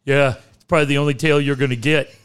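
A man's voice: on the high side, level tone, fast talker, clear, resonant tone, voice pushed down, lightly acted. A man voicing a short-tempered male sports-radio coach who barks insults at callers. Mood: scornful. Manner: barking, insulting, profane.

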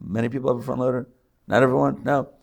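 Man, rabbi, live class lecture, chatty, joking asides, fillers and restarts, mid pitch. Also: flat delivery, quick pace, vocal fry. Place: live class before an audience.

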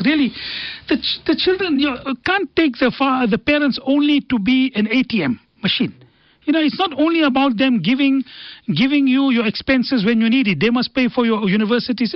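Earnest radio guest. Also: male voice, extremely high pitch, dry recording. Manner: earnest storytelling with Arabic quotations. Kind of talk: radio talk on faith and family. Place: radio studio. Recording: dull dry radio studio sound.

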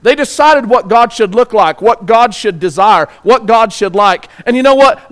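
Man, high voice, preaching a sermon, rhetorical questions, reads scripture slowly. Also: animated, a bit bright. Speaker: pastor.

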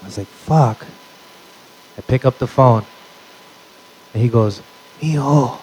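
A man's voice: lowish voice, steady tone, moderate pace, darkish tone, a little hiss or hum, poor audio. A man doing a stand-up comedy set on stage, telling stories in a brash, punchy way and calling out to the crowd. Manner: brash, punchy storytelling with crowd call-outs. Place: on stage at a live venue.

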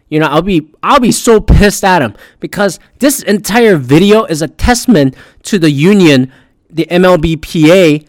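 A man's voice: high-pitched, no room sound. A man ranting crudely and sarcastically, swearing constantly as he comments like a podcast host. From Pacific Northwest.

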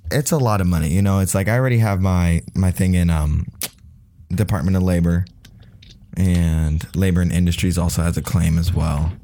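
A man's voice: low voice, steady tone, normal speed, warm tone, a little hiss or hum. A man in a casual chat who gives short, laid-back replies and drops profane asides.

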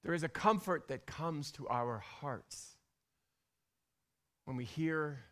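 A middle-aged man preaching a sermon, animated, dropping to hushed whispers and rising to loud bursts. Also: a little high, slow, long pauses. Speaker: pastor.

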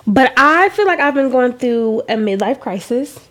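A woman in her thirties co-hosting a casual podcast. Her voice sits a little high, and she speaks bluntly, swearing and laughing easily between points. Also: animated, moderate pace, a bit bright. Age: 30s. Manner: blunt and profane, laughs often. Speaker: podcast co-host. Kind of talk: casual chat.

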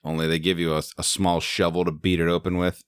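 A man on a podcast dropping deadpan, crude one-liners in casual chat. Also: sits low, quick pace, clean tone.

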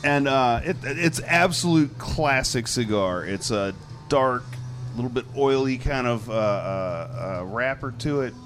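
A man's voice: mid-range voice, measured pace, fairly bright tone, faint music behind. A man co-hosting a casual chat show, talking in an easygoing, enthusiastic way and rambling as he describes things. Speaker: co-host.

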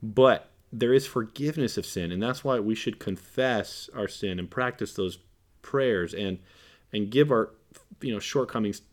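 A man with a fairly low voice speaks as a podcast guest. He talks in an earnest, preachy way, hammering points home by repeating them. He slips into quoted lines to act out conversations. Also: measured pace. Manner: repeats phrases for emphasis. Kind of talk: casual podcast discussion.

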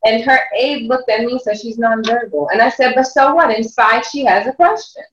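A woman, a mother and life coach, telling stories in an interview, animated and often laughing as she acts out what others said. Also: fairly high pitch, a little fast, slight background noise. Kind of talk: storytelling interview chat. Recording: roomy, distant, dull lo-fi sound.

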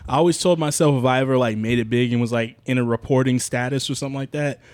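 Homme au débit rapide et décousu. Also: male voice, mid-range voice, a little mellow, dry recording. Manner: rapid, rambling, slangy. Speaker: podcast co-host. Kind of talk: casual chat.

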